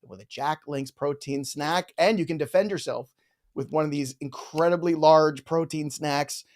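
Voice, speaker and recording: A man's voice: on the high side, moderate pace, darkish tone. A man co-hosting a live fantasy football chat show, bantering and reading out viewer questions.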